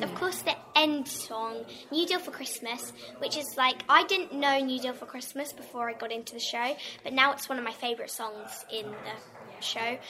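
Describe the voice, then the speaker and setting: A young girl stage performer, bubbly and giggly, chatting eagerly in an interview. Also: a little high. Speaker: young musical theatre performer. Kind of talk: casual interview chat.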